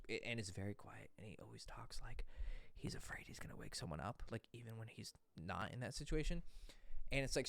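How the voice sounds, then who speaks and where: A man's voice: mid-range voice, no echo. Male dating coach, casual, blunt, plain mid-range voice, dry sound. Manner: blunt, casual, swears, reads out viewer questions. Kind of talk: casual livestream talk.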